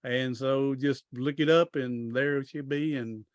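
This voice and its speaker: A man's voice: mid-range voice, steady tone, measured pace, no room sound. A middle-aged man, a podcast guest telling long stories in a rambling, folksy way, often restarting his sentences. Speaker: podcast guest, author and speaker. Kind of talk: casual storytelling interview.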